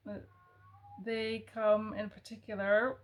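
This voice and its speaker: A woman chats about a book she loves in a slow, unhurried way. She muses aloud, stops to search for words, and corrects herself as she goes. Her voice sits at an ordinary middle pitch. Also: completely flat delivery. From American South family. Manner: thoughtful, musing, with fillers and self-corrections. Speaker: book reviewer. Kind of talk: casual book recommendation talk.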